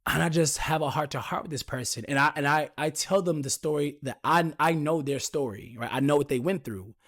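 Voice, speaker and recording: A man's voice: a little high, brisk, fairly bright tone. Candid man telling a personal story. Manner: candid, confiding, addresses listeners as y'all. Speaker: podcast host.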